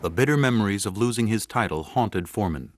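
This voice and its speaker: A man giving measured, scripted narration for a sports documentary. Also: fairly low pitch, no room sound. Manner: measured, even storytelling delivery. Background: music bed.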